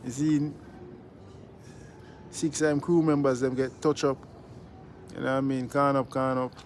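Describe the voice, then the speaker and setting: A man's voice: medium pitch, flat delivery, measured pace, faint music behind. A man with a Jamaican accent, hosting a casual vlog outdoors, laid-back and preachy, greeting passersby and tagging his sentences. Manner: laid-back, preachy, repeats "you see me" tags. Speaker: vlogger host.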